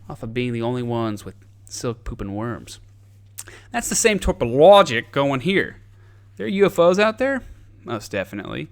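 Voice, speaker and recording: A man's voice: medium pitch, sing-song, moderate pace, fairly bright tone, clean tone. A man hosting a podcast, ranting in a casual, sarcastic, profane comedic way. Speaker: podcast host.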